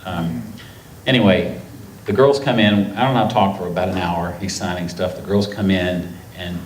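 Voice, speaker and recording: A man's voice: low voice, fairly even intonation, normal speed. A middle-aged man from North Carolina, an author telling anecdotes to a festival audience, rambling and emotional, acting out quotes. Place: festival stage before a live audience. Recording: echoey hall with faint noise.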